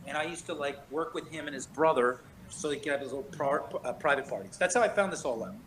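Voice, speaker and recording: Bright, excited man ranting. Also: a little high, a little hiss or hum, poor audio. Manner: profane, emphatic, fast storytelling. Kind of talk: casual chat, rambling monologue.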